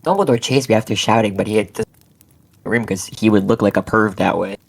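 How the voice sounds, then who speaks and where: With a fairly low, creaky and slightly rough voice, a man reads briskly through a fanfic for a friend on a voice call. He's the co-host, and his casual reading is giggly, full of stumbles and laughing breaks.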